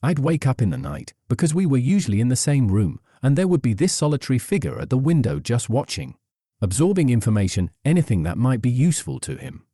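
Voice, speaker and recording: A man's voice: medium pitch, huge pitch swings, fairly quick, dark tone, no room sound, clean studio sound. An older man, a former prisoner, recounting memories in a plain, reflective interview. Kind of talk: documentary interview recollection.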